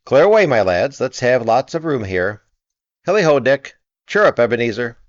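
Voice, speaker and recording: A man voicing a jovial, fat old male merchant who calls out loudly and heartily. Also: mid-range voice, very animated, normal speed, no echo, dull audio, voice pushed up, close to an everyday voice. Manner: loud, hearty, exclaiming.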